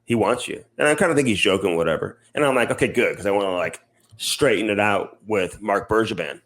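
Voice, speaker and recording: A man's voice: fairly low pitch, fast talker, a bit bright. A man co-hosting a podcast, telling a long story in casual chat, rambling and profane with plenty of fillers. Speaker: podcast co-host and TV hockey reporter.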